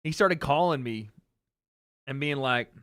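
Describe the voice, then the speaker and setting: On a livestream, a man casually tells a story with animated energy and answers his chat as he goes. His voice is medium in pitch and unhurried with a clean tone, and the recording is dry.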